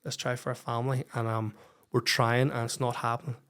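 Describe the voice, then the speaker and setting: A Northern Irish man sits in as a podcast guest and tells his life story in a frank, unfiltered way, swearing freely. His voice sits at an ordinary middle pitch for a man. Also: flat delivery, fairly quick, a bit bright. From Northern Ireland. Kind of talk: personal storytelling in a podcast interview.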